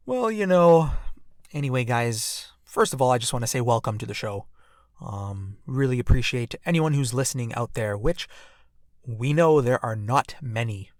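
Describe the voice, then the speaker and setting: A man's voice: medium pitch, no room sound, clean studio sound. A man hosting a comedy podcast, rambling in a self-deprecating way with lots of fillers. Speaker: podcast host. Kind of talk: casual comedy podcast monologue.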